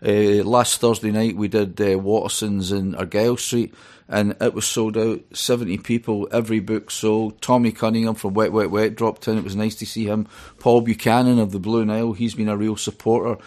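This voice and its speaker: A man's voice: fairly low pitch, flat delivery, moderate pace, a little mellow. A middle-aged Scottish man, a guest in an interview, telling rambling stories full of fillers. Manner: chatty storyteller, rambling with many fillers. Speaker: author and DJ guest. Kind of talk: radio interview.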